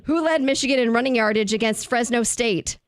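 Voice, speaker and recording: A woman's voice: a little high, a little fast, dry recording, studio quality. A woman co-hosting a sports radio show, chatting casually and reading quiz questions. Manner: chatty, reads news and quiz questions evenly. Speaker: radio co-host, game presenter. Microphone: studio microphone.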